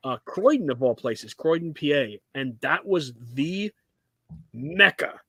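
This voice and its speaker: A man co-hosting a casual podcast chat, an animated storyteller who swears freely and breaks into loud outbursts. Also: on the high side, a little slow, breathy edge, dry recording. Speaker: co-host.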